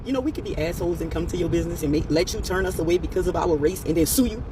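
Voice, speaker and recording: A man's voice: on the high side, racing, noisy background. A man speaking in a blunt, profane, mocking rant. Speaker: commentator. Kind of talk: ranting commentary.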